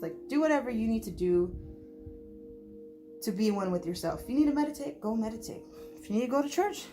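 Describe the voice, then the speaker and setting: A woman giving a tarot reading to her viewers, overwhelmed and close to tears, talking fast and emotionally. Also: medium pitch, darkish tone. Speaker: tarot reader.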